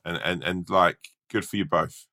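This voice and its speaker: A man's voice: low voice, steady tone, normal speed, pushed and bright. A man co-hosting a podcast and telling a rambling, swear-laden story full of fillers. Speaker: podcast co-host. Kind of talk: casual chat and rambling storytelling.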